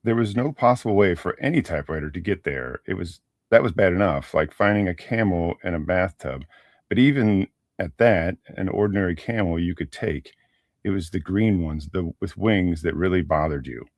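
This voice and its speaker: A man reading a short story aloud on a podcast, lively and sometimes correcting himself. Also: low voice, moderate pace, dry recording. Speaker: podcast co-reader.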